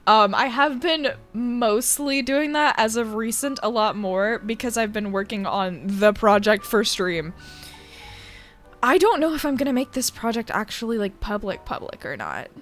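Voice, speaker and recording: A woman's voice: fairly high pitch, lively intonation, moderate pace, a bit bright, faint music behind. A woman streamer chatting casually with viewers in a rambling, giggly way. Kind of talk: casual chat.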